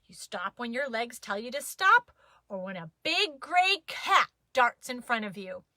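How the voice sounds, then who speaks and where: A woman reading a children's story aloud, playful and expressive. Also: a little high, a little slow, no echo.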